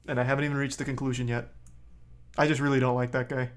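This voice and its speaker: A man's voice: on the high side, fairly even intonation, quick pace. Heated, blunt man streamer. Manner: blunt, heated, swears often. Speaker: streamer reacting to a video. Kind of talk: casual live-stream commentary.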